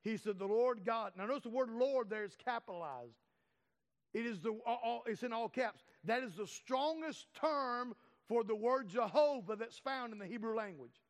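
A man's voice: very high voice, expressive, normal speed. A man preaching a sermon, stressing and drawing out key words for emphasis. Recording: long reverb of a large hall.

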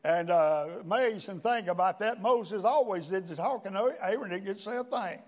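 An older man preaching a sermon, telling his story in a folksy way with frequent amens and pauses. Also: high-pitched. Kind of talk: sermon with personal testimony.

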